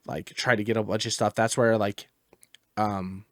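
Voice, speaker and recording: Rambling, profane gaming podcast host. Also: male voice, fairly low pitch, flat delivery, normal speed, a bit bright, no room sound, clean studio sound. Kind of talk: casual gaming chat.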